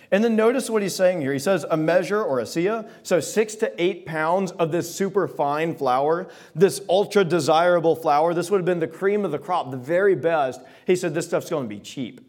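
A man preaching a sermon, retelling scripture passages in casual modern words and reading the old verses slowly. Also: on the high side, darkish tone. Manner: reads King James verses slowly and solemnly. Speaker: pastor.

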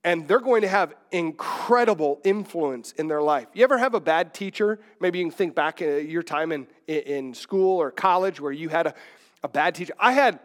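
A man's voice: on the high side, expressive, normal speed, a bit bright. A middle-aged man, a pastor, preaching a sermon in a conversational, digressive way with many restarts.

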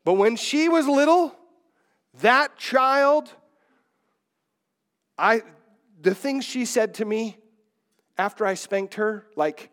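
A man's voice: high-pitched, lively intonation, measured pace, long pauses. A middle-aged man, a pastor, preaching a sermon in a conversational, digressive way with many restarts.

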